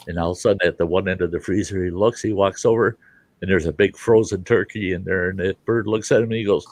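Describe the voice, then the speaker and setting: A middle-aged man hosting, telling a joke in a folksy, animated, casual way. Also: low-pitched, brisk, no room sound. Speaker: storyteller host.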